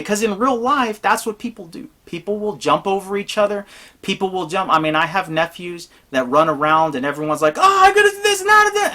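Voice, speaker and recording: Tabletop gamer, casual advice monologue, blunt, emphatic, rambling, mid-pitched voice. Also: pushed and bright. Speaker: tabletop role-playing gamer giving advice.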